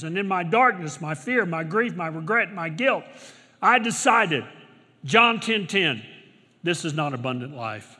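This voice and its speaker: A middle-aged male pastor preaching a sermon, swinging from loud exclamations to quiet storytelling, recorded in a large church auditorium. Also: sits high, expressive, normal speed. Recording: long hall reverb.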